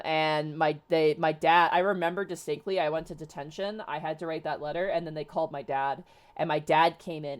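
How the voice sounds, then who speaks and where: A young woman host telling a personal story in casual chat, rambling with many fillers and restarts. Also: low voice. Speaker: streamer host.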